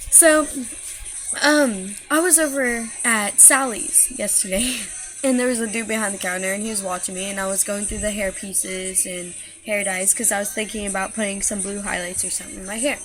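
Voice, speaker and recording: A woman vlogger telling a story to the camera in a chatty, quick way. She breaks off with laughing asides. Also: mid-range voice, steady tone, fairly bright tone, faint music behind.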